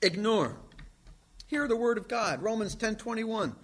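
A man preaching a sermon from the pulpit, emphatic, swinging from loud declarations to hushed asides. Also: high-pitched, expressive, a little slow. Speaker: pastor.

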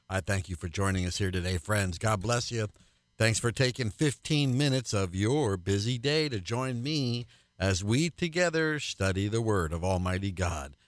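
A man's voice: mid-range voice, fairly bright tone, no echo, clean studio sound. A man hosting a radio Bible teaching program as pastor, speaking earnestly and building to emphatic repeated refrains.

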